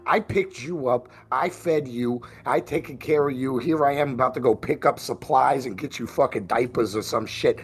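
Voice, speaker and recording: A man's voice: medium pitch, normal speed, hardly any pauses, lightly acted. A man voicing a tall, ugly, short-tempered male vampire brute who swears and scolds. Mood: scolding.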